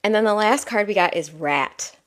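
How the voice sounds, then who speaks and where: A woman who is an intuitive healer, giving a soft, rambling spiritual reading with frequent laughs. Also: mid-range voice, moderate pace. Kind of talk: casual spiritual guidance talk.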